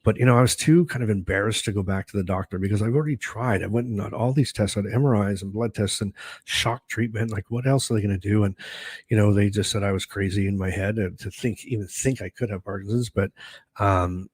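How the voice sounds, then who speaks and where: A man's voice: on the low side, fairly quick, a little mellow, husky. A middle-aged man hosting his own video, telling a personal story in a rambling, chatty way full of fillers and restarts. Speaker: host.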